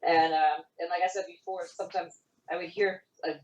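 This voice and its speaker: A middle-aged woman, a former child actor, talking fast and laughing often in a casual remote interview. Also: fairly low pitch, level tone. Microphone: video call. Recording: roomy, distant, dull video-call audio.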